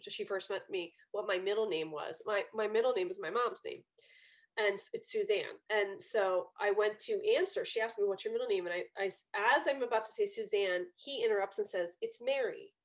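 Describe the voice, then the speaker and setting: A woman guest on a podcast, telling lively, incredulous stories in casual chat. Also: medium pitch, fairly quick. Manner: animated storytelling, incredulous.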